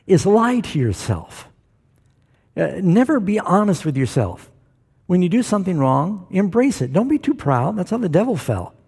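Pastor, male, folksy preacher with a husky, warm voice, working a live church crowd. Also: fairly high pitch. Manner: folksy, joking preacher who asks the crowd for responses. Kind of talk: sermon to a congregation. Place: church before a live congregation.

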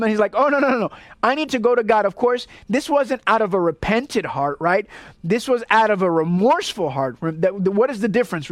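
A male pastor from Puerto Rico preaches a sermon in an earnest, rhetorical style, often checking in with "right?". His voice is high and the recording dry.

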